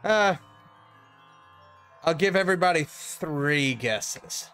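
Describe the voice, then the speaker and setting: A man's voice: on the high side, expressive, takes it slowly, fairly bright tone, clear, resonant tone, soft background music. A man playing a tabletop game over a call who jokes and narrates his character's actions in third person. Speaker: player. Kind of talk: casual tabletop role-play.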